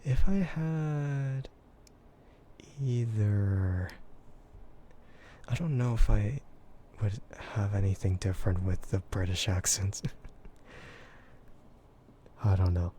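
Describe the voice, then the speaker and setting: Man, American accent, soft gentle voice, very dark mellow tone, ASMR chat. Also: fairly low pitch, slow, pauses often, a little hiss or hum. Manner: relaxed, hesitant, giggly. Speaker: VTuber streamer.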